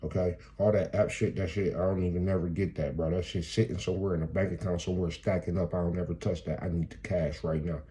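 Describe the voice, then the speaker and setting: A man's voice: low-pitched, steady tone, fast, few pauses, dark tone, slight background noise, lightly acted. A man voicing a fed-up young male delivery driver who rants with profanity. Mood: irritated. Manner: profane, irritated ranting.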